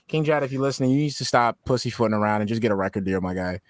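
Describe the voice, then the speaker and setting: A man talking as a podcast guest in casual chat, animated and tripping over repeated words as he rants. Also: medium pitch, very fast, no room sound, studio quality. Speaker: podcast guest, music maker.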